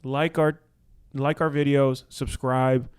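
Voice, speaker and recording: A young man co-hosting a podcast in casual, joking chat, full of quick restarts. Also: medium pitch, level tone, a little mellow, clean tone. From Washington D.C. area. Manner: hyped, joking, talks fast with restarts. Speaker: podcast co-host.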